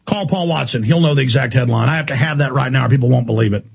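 A man hosting a talk radio show, ranting angrily in a heated monologue with a gravelly, husky voice. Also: medium pitch. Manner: ranting, angry, rapid-fire. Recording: dull lo-fi broadcast audio.

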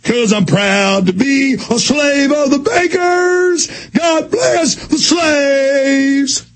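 A man voicing a proud, servile patriot in mockery, shouting in a strained high sing-song. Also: drawn-out words, exaggerated voice. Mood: mocking.

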